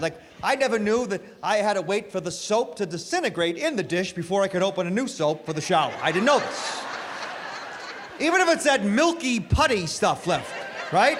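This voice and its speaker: A man doing a stand-up comedy set at a live venue, telling self-mocking stories in an animated way. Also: high-pitched. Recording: live stage with hall reverb, faint noise.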